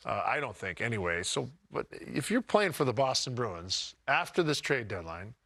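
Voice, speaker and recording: A man who jokes and talks emphatically as a hockey pundit. His voice is bright and forceful at a medium pitch. The sound is dry and close in the studio. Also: sing-song, normal speed, no echo. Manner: joking, emphatic, says "listen" often. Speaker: hockey analyst. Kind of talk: casual sports talk show banter.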